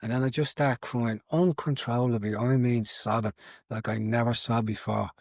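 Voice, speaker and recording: A man's voice: mid-range voice, fairly even intonation, normal speed, gravelly, dry recording, clean studio sound. A man sharing his conversion story in an interview, earnest and repetitive, in a casual telling way. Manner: earnest storytelling with many repeats. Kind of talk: casual testimony.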